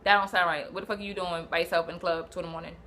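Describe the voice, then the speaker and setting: Bright-voiced New woman telling a story. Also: on the low side, rapid-fire, slight background noise. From Brooklyn, New York. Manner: animated, swearing, slangy, acts out quotes. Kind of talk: casual storytelling.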